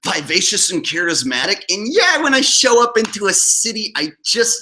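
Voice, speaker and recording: A man's voice: sits high, very animated, normal speed, bright, forceful tone. A man hosting a reaction video, mocking and sarcastic and often laughing. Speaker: host. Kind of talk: reaction commentary.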